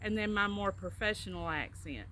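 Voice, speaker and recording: Woman, middle-aged, Southern Alabama accent, chatty, bright tone, faint background noise. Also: mid-range voice, moderate pace. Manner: chatty, explains words with anecdotes. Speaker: co-host, travel agent. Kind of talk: casual accent-tag chat.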